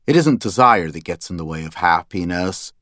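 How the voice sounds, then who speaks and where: A man's voice: deep voice, lively intonation, normal speed, a bit bright, no room sound, studio quality. A man narrating a first-person story in a scripted, wry and dryly humorous way.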